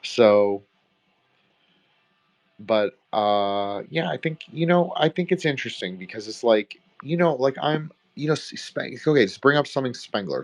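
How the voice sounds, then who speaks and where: Gravelly rambling man, casual podcast chat. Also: on the low side. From Canada. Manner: rambling, profane, many fillers. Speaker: podcast co-host.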